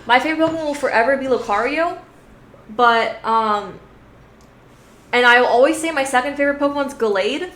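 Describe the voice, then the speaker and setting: A woman's voice: high-pitched, fairly quick, long pauses, fairly bright tone. A woman streamer chatting casually with her viewers, giggly and rambling, swearing freely. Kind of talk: casual live-stream chat. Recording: roomy echo.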